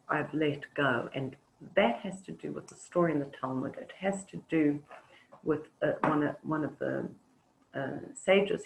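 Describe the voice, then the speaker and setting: A woman teaching an online webinar, talking reflectively with halting pauses and fillers over a video call. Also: low-pitched, vocal fry, a little hiss or hum, low-quality recording. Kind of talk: webinar talk with storytelling.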